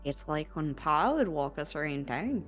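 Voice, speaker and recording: A woman's voice: deep voice, big pitch swings, moderate pace. A woman playing in a tabletop game, speaking hesitantly and repeating words as she stammers. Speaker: player. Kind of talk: tabletop role-play chat. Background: faint music.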